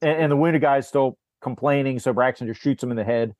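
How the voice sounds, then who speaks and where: A man's voice: mid-range voice, brisk, a little mellow, no room sound, studio quality. Man recapping a film, acting out quotes. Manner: rambling recap, acts out character lines, frequent restarts. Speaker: podcast host. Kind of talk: casual movie discussion.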